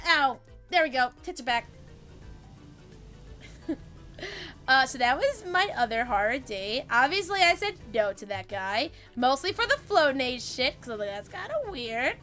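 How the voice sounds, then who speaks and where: A woman's voice: sits high, sing-song, unhurried, long pauses, sharp tone, faint music behind. A woman streamer casually telling a story to her chat, swearing freely, laughing often and breaking off to read out chat messages.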